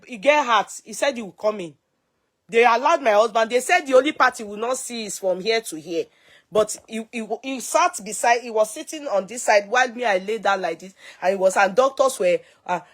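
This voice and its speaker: Nigerian woman telling a dramatic story. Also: a little high. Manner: dramatic, expressive retelling. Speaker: actress telling her own story. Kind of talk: casual storytelling to camera.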